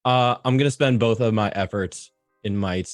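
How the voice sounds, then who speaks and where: A man's voice: fairly low pitch, normal speed, dry recording, clean studio sound, faint music behind. A man playing a tabletop role-playing game, eager and casual. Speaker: player.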